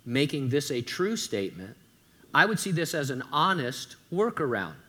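A man's voice: a little high, a bit bright. A man preaching a sermon as pastor, conversational, with joking asides, sometimes stumbling and repeating words.

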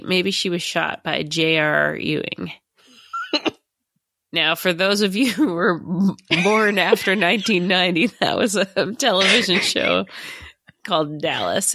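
A woman's voice: lowish voice, a bit bright, dry recording, studio quality. A woman guest on a podcast, chatting casually and making playful jokes. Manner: joking, playful. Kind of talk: casual chat.

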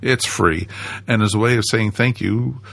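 Deep gravelly podcast host. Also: male voice, fairly even intonation, fairly quick. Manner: jokey, playful sales patter. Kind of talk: casual podcast chat.

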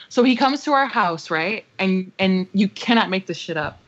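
A woman's voice: medium pitch, animated, normal speed, fairly bright tone. Profane, emphatic woman telling a story. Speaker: podcast co-host. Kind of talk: casual storytelling chat. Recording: dull lo-fi podcast audio.

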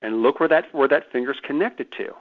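Animated man storytelling over a phone line. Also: medium pitch, brisk. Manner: animated, emphatic storyteller who repeats words. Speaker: guest author. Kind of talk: radio interview.

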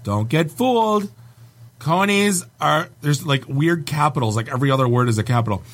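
A man who grew up in Canada hosts a loose comedy chat, reading reviews aloud with a dry edge. His voice sits at an ordinary middle pitch, and he riffs in deadpan asides. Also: a little fast. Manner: wry, riffing, deadpan asides. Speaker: podcast host.

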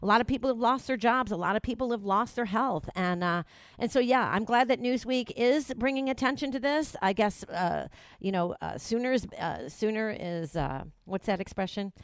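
A woman's voice: on the high side, moderate pace, clear, resonant tone, dry recording. A woman hosting a talk show, chatting in a rambling way with many restarts and fillers. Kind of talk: casual talk show chat.

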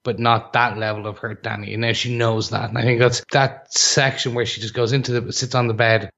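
A man's voice: medium pitch, flat delivery, a little fast, gravelly, fairly bright tone. A man co-hosting a casual review podcast, talking with enthusiasm. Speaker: podcast co-host. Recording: dull lo-fi mic.

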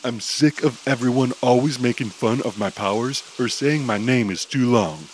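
A stubborn, proud young superhero, played by a man. He talks back defiantly in a slightly lowered voice. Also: normal speed, slight background noise, natural voice, low-quality recording. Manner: defiant, indignant.

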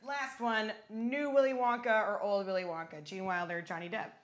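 A woman co-hosting a live music show, chatting playfully and laughing easily between quick quips. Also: medium pitch, fairly even intonation, a crowd in the background. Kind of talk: casual on-air chat.

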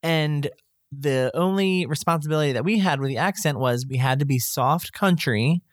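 A woman's voice: low-pitched, normal speed, dry recording, studio quality. A woman with a Southern US accent, an audiobook narrator, chatting playfully and laughing often. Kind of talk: casual chat.

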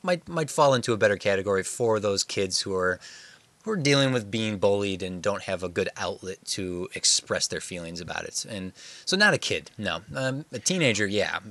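A man's voice: lowish voice, lively intonation, moderate pace, sharp tone, dry recording. A man co-hosting a movie podcast in casual chat, wry and joking while steering the talk. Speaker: podcast co-host.

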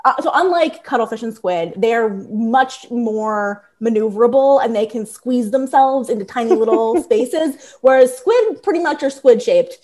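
Woman, Philadelphia accent, thirties, fairly high voice, animated casual storytelling, lots of "like". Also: normal speed, few pauses. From Philadelphia area. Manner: lively, frequent "like" fillers. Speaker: guest, squid biologist.

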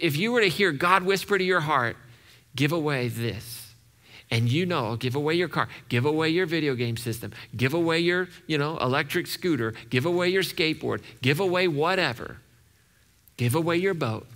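A male pastor delivers a relaxed, conversational sermon. His voice carries a rough, gravelly texture. It sounds bright and pushed forward as he repeats phrases for emphasis. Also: mid-range voice.

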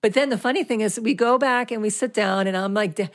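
A woman in her thirties hosts a podcast and tells a long story in a chatty, meandering way. She starts over now and then, and her voice sits at an everyday middle pitch. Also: quick pace. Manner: chatty, rambling storyteller with fillers and restarts. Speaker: podcast host. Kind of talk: casual chat.

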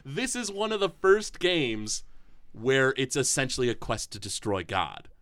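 A man's voice: mid-range voice, big pitch swings, a little slow, a bit bright, smooth. A man co-hosting a casual podcast, talking enthusiastically and rambling with lots of fillers. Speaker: podcast co-host.

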